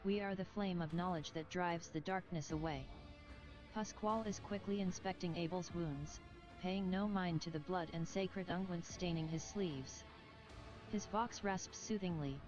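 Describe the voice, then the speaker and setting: A woman giving solemn, measured scripted narration in a game, heard through slightly muffled game audio with faint music behind. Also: on the low side.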